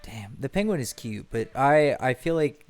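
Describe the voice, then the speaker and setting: Gravelly-voiced man streaming a game. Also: medium pitch, animated, moderate pace, a little mellow. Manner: rambling, self-correcting, swears casually. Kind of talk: casual gameplay commentary.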